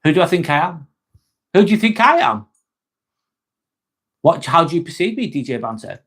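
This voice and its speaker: Slightly rough and a little high, this man's voice has a sing-song, fairly bright quality at normal speed. He's running a laid-back livestream, chatting and joking with viewers, swearing freely while he responds to their messages directly.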